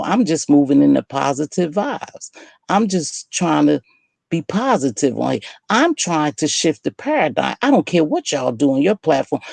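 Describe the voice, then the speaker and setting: A woman's voice: low voice, gravelly, a little mellow, no echo. A woman hosting her own online channel, delivering a defiant, emphatic direct-to-camera rant that scolds someone. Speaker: online video host.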